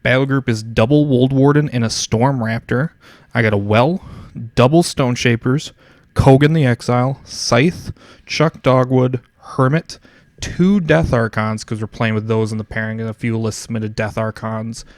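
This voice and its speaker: A man co-hosting a tabletop wargame report, explaining his choices in quick, offhand casual chat. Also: mid-range voice, steady tone, darkish tone, dry recording, studio quality. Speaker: wargame battle report co-host.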